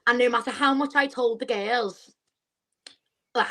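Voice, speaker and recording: A woman, a podcast guest chatting casually and telling stories with lively quoted asides. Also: on the high side, measured pace, low-quality recording. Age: 20s. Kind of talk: casual chat.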